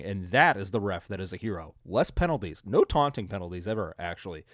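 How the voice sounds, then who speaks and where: A man's voice: low voice, lively intonation, quick pace, fairly bright tone, no echo, studio quality. A man hosting his own football recap podcast, talking in a casual, profane, rambling way with jokes and laughs. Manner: profane, rambling, joking, with frequent laughs and fillers. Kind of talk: casual solo recap commentary.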